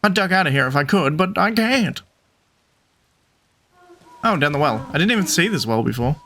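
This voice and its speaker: A man's voice: on the high side, animated, moderate pace, pushed and bright, slight background noise. A man voicing an eager male bird reporter in a game, friendly and jumpy, who keeps calling the listener partner. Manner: upbeat, calls listener partner.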